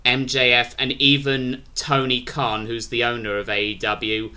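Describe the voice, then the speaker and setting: A man's voice: mid-range voice, little pitch movement, measured pace, sharp tone, clean tone. A British man rambling through a casual review of a wrestling show, restarting his sentences often. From Britain.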